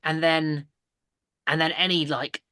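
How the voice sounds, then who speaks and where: Bright-voiced podcast host. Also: male voice, a little high, little pitch movement, unhurried, smooth, no echo, studio quality. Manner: rambling, laughs often, many restarts. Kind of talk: casual chat.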